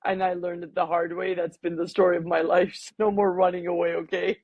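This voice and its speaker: A woman with a slight accent talks as a podcast guest, upbeat and animated. Her voice is soft and breathy, mid-pitched. The sound is dry and close. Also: brisk, dry recording, dull audio. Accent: foreign accent. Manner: bubbly, laughs often, animated. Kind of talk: casual interview chat.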